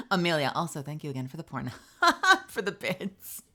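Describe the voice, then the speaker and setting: A woman's voice: low voice, wildly swooping pitch, normal speed, pushed and bright. A woman voice actor chatting casually on a live stream, rambling with lots of fillers. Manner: rambling, many fillers, laughs often.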